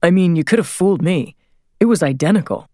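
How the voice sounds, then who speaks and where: A woman's voice: lowish voice, lively intonation, fairly quick, dark tone, no echo, studio quality. A woman voicing a young male boss who is hesitant and politely uncomfortable.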